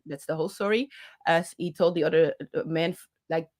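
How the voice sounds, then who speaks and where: A woman's voice: low-pitched, steady tone, brisk, a little mellow. A woman hosting her own channel, telling a personal story with passion and speaking into a handheld microphone, with many fillers and restarts. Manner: passionate, talks with her hands. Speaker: channel host.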